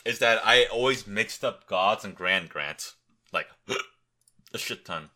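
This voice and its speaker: Here a young podcast host rambles on his own, weary, crude in his humor, and thinking aloud as he checks things. The delivery is slow and sharp, in an animated voice pitched on the low side.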